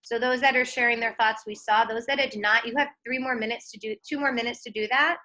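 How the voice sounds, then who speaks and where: Woman teacher, upbeat, encouraging, bright tone, slightly high voice, video call. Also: fairly even intonation, quick pace. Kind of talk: online class talk.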